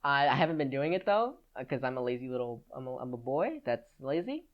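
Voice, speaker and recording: A man's voice: medium pitch, big pitch swings, a little fast. Rambling teenage boy, lo-fi podcast. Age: teens. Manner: rambling, chatty, with many "like"s and restarts. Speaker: podcast host. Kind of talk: casual solo podcast chat.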